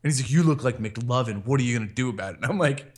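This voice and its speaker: Casting: male podcast co-host, rambling storyteller, average pitch, loose chatty delivery. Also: lively intonation, fast, darkish tone, slightly rough. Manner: rambling storyteller, acts out quotes. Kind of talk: casual podcast chat.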